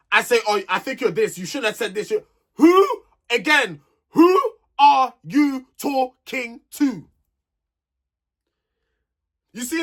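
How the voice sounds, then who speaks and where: A young man with a fairly high voice delivers a sassy, exasperated reality TV review. He talks straight at the people on the show as though they could hear him. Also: fairly bright tone. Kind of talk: animated solo review rant.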